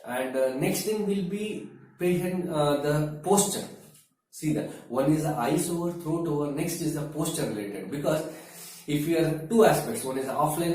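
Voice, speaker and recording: A man explains health habits slowly and with many fillers, his voice somewhat high and mellow. He sounds a little far from the mic. The room rings with heavy echo. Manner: slow, deliberate, explains with everyday comparisons, frequent fillers. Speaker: wellness expert. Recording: very echoey room, distant mic.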